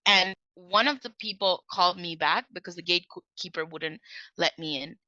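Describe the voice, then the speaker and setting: A woman sharing sales tips as a trainer, telling stories in a lively way and acting out the dialogue. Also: lowish voice, moderate pace, no room sound, dull audio.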